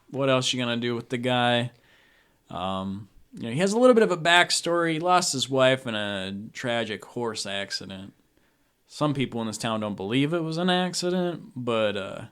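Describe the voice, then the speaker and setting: A man's voice: mid-range voice, expressive, normal speed, fairly bright tone, clean tone. A man narrating as game master in a tabletop game, casual and rambling with lots of fillers.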